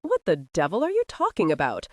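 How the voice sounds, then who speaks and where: An exasperated young earl, as a woman reader puts him on, growls his threats and drops into dry irony. Her own woman's voice carries him with animated swings in pitch. Close and dry sound. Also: a little fast, no room sound. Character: young male earl, hot-tempered and sardonic.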